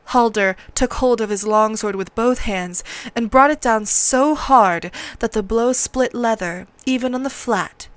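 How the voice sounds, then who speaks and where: A woman narrating a novel aloud in a measured, steady read-along style, close to the mic. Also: fairly high pitch, no room sound.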